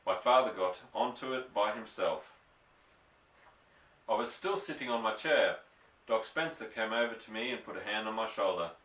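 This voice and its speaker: A man reading a children's bedtime story aloud in a gentle, even narration. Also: fairly low pitch, normal speed, far from the mic. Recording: echoey room, voice off-mic.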